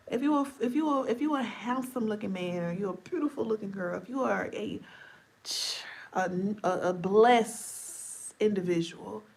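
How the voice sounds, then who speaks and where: A woman with a medium-pitched, fairly bright voice live-streams in a casual, chatty way, playfully talking directly to viewers. Sleepiness is pulling her voice deep and scratchy.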